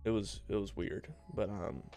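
A man's voice: lowish voice, steady tone, moderate pace, dark tone, faint music behind. A young man hosting his own podcast, telling childhood stories in a rambling, profane, self-mocking way into a home mic. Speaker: podcast host. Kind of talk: casual rambling storytelling. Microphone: home desk mic.

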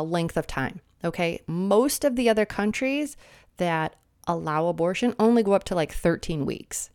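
A woman in her thirties delivering a sarcastic, mocking political commentary monologue, a little sniffly, lecturing her listeners. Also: smooth. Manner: mimics opponents in shrill voices.

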